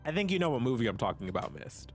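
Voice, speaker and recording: A man streaming live, reading a game's story text aloud in a casual way and breaking off for quick asides to his chat. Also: medium pitch, sing-song, soft background music.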